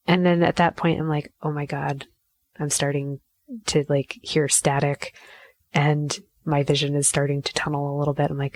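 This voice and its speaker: Low gravelly woman telling a candid story. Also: level tone, normal speed, no room sound. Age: adult mother. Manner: candid, self-mocking, swears freely, acts out her own inner voice. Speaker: podcast host. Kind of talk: casual storytelling monologue.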